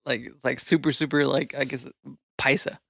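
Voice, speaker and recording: A man's voice: medium pitch, fairly even intonation, moderate pace, creaky, no room sound, clean studio sound. A man co-hosting a podcast, rambling casually and laughing often as he talks. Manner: laughs a lot, rambles with restarts. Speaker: podcast co-host. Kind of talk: casual chat.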